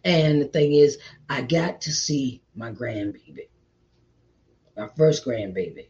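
A man's voice: mid-range voice, expressive, slow pace, darkish tone. A middle-aged man, an author, giving a motivational talk in an earnest, preachy way, repeating himself and calling the listener child or honey. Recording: dull lo-fi recording.

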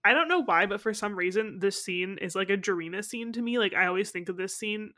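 A woman's voice: medium pitch, bright, forceful tone. Giggly young woman recapping a show. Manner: giggly, recaps scenes with quick quoted asides. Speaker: podcast co-host. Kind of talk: casual chat recapping a TV episode.

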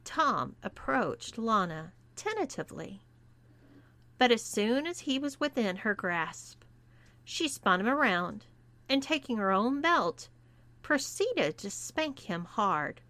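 A woman reading a scripted story aloud as narrator, in a deliberate manner. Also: on the high side, very animated, sharp tone, no room sound. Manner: slow and deliberate. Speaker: erotica reader.

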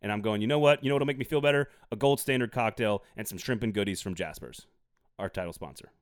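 A man hosting a casual sports podcast, getting animated and worked up, tossing in jokey plugs. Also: on the low side, fast, clean tone, no echo, studio quality. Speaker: podcast host.

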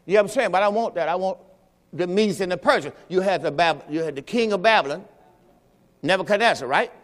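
A man with a high-pitched voice teaches a sermon, talking loosely and quizzing the congregation as he goes. His voice rings out with a long reverb in a church sanctuary. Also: brisk. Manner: conversational preaching, quizzing the congregation. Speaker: pastor.

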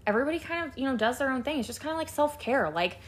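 A woman's voice: sits high, lively intonation, rapid-fire. A young adult woman, a nurse and podcast host, chatting casually on her own show in a rambling, candid way, full of fillers and the odd swear word. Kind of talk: casual solo podcast chat.

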